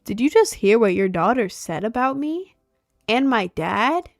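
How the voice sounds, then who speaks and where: A young woman in casual storytime chat, animated and exasperated, sometimes slipping into mock voices of others. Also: on the high side, measured pace. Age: young adult. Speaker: vlogger.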